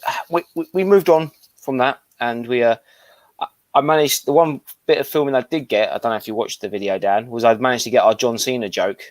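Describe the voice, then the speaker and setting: A man co-hosting a casual toy livestream, telling car boot stories in a relaxed, halting way. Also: medium pitch. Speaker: toy show co-host.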